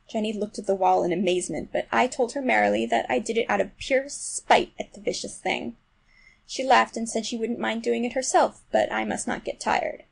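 Gravelly, husky woman reading a story. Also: medium pitch, low-quality recording. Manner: first-person storytelling, shifting from hushed to emphatic. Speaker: audiobook reader. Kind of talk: literary audiobook narration. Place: New York City.

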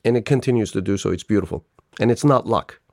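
A man guest on a podcast interview, telling stories with lively acted-out dialogue and frequent laughter. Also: lowish voice, fast talker, dry recording, clean studio sound. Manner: animated storyteller, laughs often, acts out dialogue. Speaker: business owner guest.

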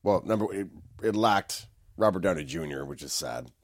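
A man's voice: lowish voice, expressive, normal speed, vocal fry, no room sound, studio quality. A man co-hosting a podcast, chatting casually in a crude, joking, swearing way. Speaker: podcast co-host. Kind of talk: casual chat.

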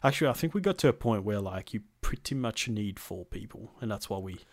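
Relaxed man, dry close mic. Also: fairly low pitch, a little fast, dry recording. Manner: relaxed, swears freely, many ums. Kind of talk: casual gaming chat.

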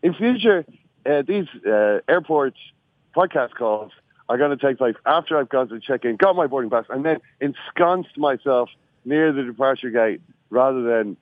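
A man's voice: medium pitch, lively intonation, moderate pace, no echo. Wry Irish man on a tinny phone line. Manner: wry, self-mocking storyteller. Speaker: podcast regular calling in from an airport. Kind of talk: casual phone-in storytelling. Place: airport.

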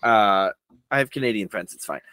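A man's voice: on the low side, moderate pace, pushed and bright, no room sound, poor audio. A young man co-hosting a podcast in casual chat, laughing often and correcting himself as he goes. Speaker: podcast co-host.

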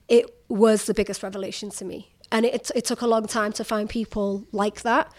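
A young woman journalist talking candidly in an interview, animated and quick to laugh, acting out remarks she has heard. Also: medium pitch. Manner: animated, laughs often, acts out quoted remarks. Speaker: journalist guest.

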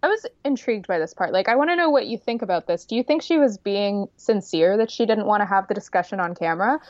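A woman co-hosting a casual podcast, agreeing quickly and chiming in with gossipy reality-TV takes. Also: mid-range voice, lively intonation, no room sound, dull audio. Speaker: podcast co-host. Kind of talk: casual reality-TV recap chat.

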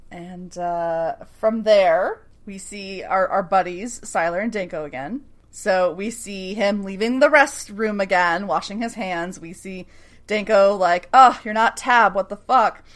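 A woman co-hosting a casual recap chat, animated and profane, acting out characters' lines as she goes. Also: mid-range voice. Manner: animated, swears freely, acts out lines in quick asides. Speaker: podcast co-host recapping a TV episode.

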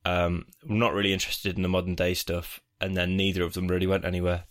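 A man's voice: low voice, little pitch movement, fast. A man co-hosting a podcast in casual, rambling chat, laughing easily. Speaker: podcast co-host.

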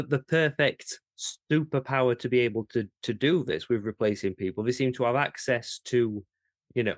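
A man co-hosting a podcast in casual chat, animated and incredulous, with some swearing and restarts. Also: on the low side, no echo, studio quality. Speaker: podcast co-host.

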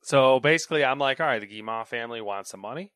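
A man co-hosting a casual gaming news podcast, chatty and animated, acting out little skits. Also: medium pitch, very fast, clean tone, dry recording, studio quality. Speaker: co-host reading gaming news.

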